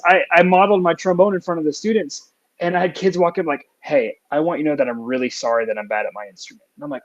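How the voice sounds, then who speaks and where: Young male music teacher, earnest and reflective, slightly high-pitched, muffled lo-fi recording. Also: quick pace. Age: young adult. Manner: earnest, reflective, many fillers. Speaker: music teacher, podcast guest. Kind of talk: casual podcast conversation.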